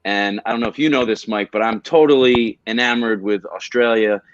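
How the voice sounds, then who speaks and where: A man's voice: fairly low pitch, fairly quick, no echo. Eager rambling man on a muffled call. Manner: enthusiastic, rambling storyteller. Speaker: podcast guest. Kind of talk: casual chat.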